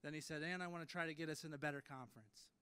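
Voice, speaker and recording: Man giving a bright, clear speech. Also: a little high, fairly even intonation, rapid-fire. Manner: storytelling, self-deprecating, with frequent fillers and restarts. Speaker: hall of fame inductee giving a speech. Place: ceremony hall.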